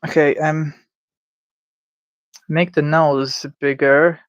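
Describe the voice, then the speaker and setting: A man's voice: a little high, little pitch movement, extremely slow, dry recording, lo-fi sound. Rambling man thinking aloud while drawing. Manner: rambling, thinks aloud, stammers and restarts, playful asides. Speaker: livestreamer drawing game creatures. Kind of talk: casual livestream self-talk. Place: indoors at home.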